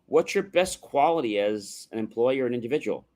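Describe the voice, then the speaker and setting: A man's voice: medium pitch, animated, fairly quick, mellow. A man hosting a motivational livestream, explaining things in an instructive way and often asking "right?" as he goes. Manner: instructive, contrasts yes-no questions with open ones; rhetorical, often adds "right?". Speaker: livestream host. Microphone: livestream microphone.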